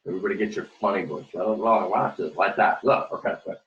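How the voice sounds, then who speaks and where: A man's voice: sits low, fast talker, hardly any pauses, fairly bright tone, dull audio. A man teaching an online class, leading counting and chants in a cheerful sing-song way. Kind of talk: online class morning meeting. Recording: echoey room.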